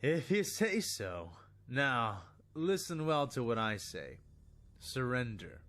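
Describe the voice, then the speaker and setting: Guy doing a smug jedi with a half-cajun drawl, slow and lazy, low-ish voice. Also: big pitch swings, fairly bright tone. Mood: calm threat. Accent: attempted Cajun. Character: cocky smirking male Jedi swordsman.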